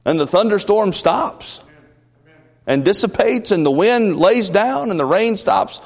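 A man preaching a conversational sermon in a folksy way, building up to loud, emphatic peaks. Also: high-pitched, lively intonation, moderate pace, vocal fry, big-room sound.

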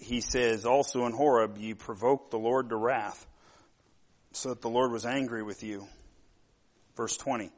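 A middle-aged pastor with a mid-range voice preaches a sermon, rambling through stories full of fillers. When he gets worked up, he grows loud and animated.

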